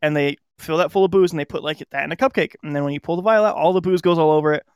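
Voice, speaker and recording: Man, podcast co-host, high voice, chatty, dry close mic. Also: very fast, clean tone, no room sound. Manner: laid-back, chatty, laughs often. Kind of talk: casual chat.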